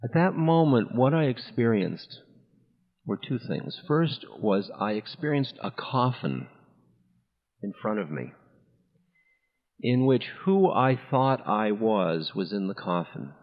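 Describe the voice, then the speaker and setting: A man, a spiritual teacher, candidly telling a personal story in an unhurried way, often breaking into laughter. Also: fairly low pitch, big pitch swings. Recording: tinny lo-fi audio with long hall reverb.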